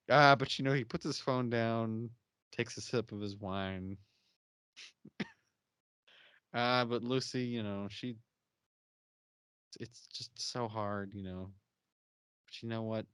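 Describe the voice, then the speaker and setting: A man's voice: on the low side, a bit bright, clear, resonant tone, dry recording. A young man hosting a podcast, chatting casually and laughing often as he acts out characters' lines. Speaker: podcast host. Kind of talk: casual chat recapping a TV episode.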